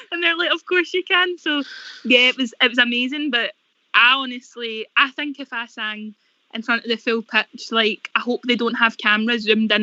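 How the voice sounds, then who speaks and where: Bubbly high-voiced Scottish woman. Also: pushed and bright, no echo. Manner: bubbly, laughs often, tells stories fast. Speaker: singer and guest. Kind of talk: radio phone-in chat. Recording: dull lo-fi radio sound.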